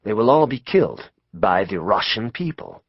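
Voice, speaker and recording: A man narrating an audiobook voices a grave male mystic prophesying doom, slow and hushed. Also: lowish voice, big pitch swings, husky, no echo, highs cut off, exaggerated voice. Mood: foreboding. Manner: slow, hushed, ominous delivery. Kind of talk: audiobook character voice.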